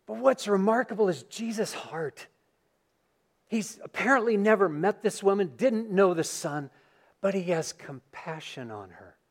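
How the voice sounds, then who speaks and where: A man preaching a sermon as pastor in a church, reading scripture and then retelling the story in an animated, dramatic way. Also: high voice, a little slow. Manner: animated storytelling, acting out scenes. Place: church sanctuary.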